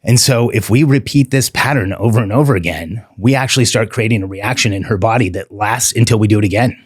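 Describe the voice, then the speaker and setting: Earnest, husky-voiced middle-aged man. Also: on the low side, no echo, studio quality. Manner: earnest and heartfelt, slowing down to stress words. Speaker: podcast guest, relationship coach. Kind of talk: candid interview talk.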